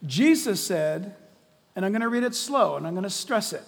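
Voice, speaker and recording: A man preaching a sermon as pastor, swinging from shouting to hushed, quiet lines. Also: high voice, very animated, normal speed, gravelly. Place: church sanctuary. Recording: long reverb of a large hall.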